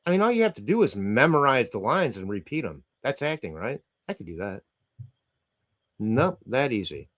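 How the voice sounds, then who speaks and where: A man's voice: mid-range voice, sing-song, moderate pace, a bit bright. A middle-aged man hosting a livestream, reading chat comments aloud and ranting casually with profanity and frequent laughter.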